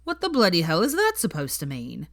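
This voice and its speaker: A woman's voice: lowish voice, wildly swooping pitch, fairly quick, a bit bright, full character voice. A woman voicing a distraught teenage wizard boy who answers back indignantly. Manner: indignant and defensive. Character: distraught young male wizard, teen boy.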